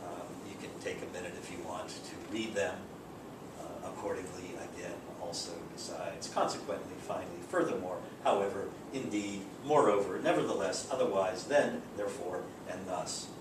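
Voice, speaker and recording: A man teaching a grammar lecture in a relaxed way, reading out example sentences. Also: moderate pace. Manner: relaxed, explains with spoken examples and fillers. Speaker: English teacher. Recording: echoey room, distant mic, background rumble.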